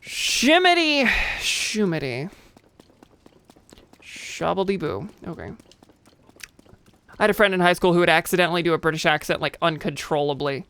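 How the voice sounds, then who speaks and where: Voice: mid-range voice, fast talker, long pauses, a bit bright, smooth. A streamer giving casual, chatty commentary while playing a game, joking at their own expense and tossing out playful nonsense words.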